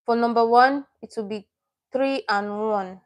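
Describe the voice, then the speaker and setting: A woman's voice: on the high side, measured pace. A woman teaching a live online language lesson, patient and repeating each word as she explains it step by step.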